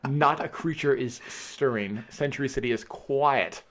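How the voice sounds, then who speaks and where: A man casually reading a film script aloud with friends, playful and often laughing. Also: a little slow. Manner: playful, laughing, animated with big pitch swings. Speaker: script reader.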